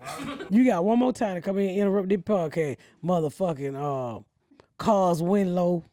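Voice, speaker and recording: A woman hosting a podcast, telling stories in a brash, profane, animated way in casual chat. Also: fairly low pitch, moderate pace. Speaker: podcast host.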